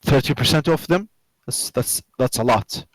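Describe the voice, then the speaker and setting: A man developer chatting casually while coding, halting and repeating words, muttering to himself at times. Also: medium pitch, no room sound, rough recording. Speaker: game developer streaming.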